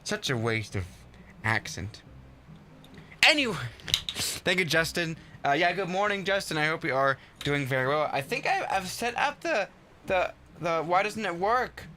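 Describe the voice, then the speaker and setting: A man talking casually on a live stream, his voice bright and ringing with a lively, bouncing pitch. He is excitable and keeps tripping over his words and starting again. His register sits a little above that of most men. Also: normal speed, slight background noise. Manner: excitable, with many stumbles and restarts. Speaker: live streamer playing a flight simulator.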